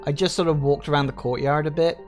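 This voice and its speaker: A man's voice: on the high side, fairly even intonation, fast, a little mellow, faint music behind. A man with an English Midlands accent giving chatty, joking live commentary while streaming a game and answering his chat. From England.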